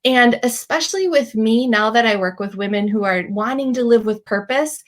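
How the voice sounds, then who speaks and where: Lady in her 30s, faith talk host, chatty and animated, voice sits a bit high. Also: moderate pace. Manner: chatty, animated storytelling with many likes and ums. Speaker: Christian podcast host. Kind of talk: faith-based encouragement talk.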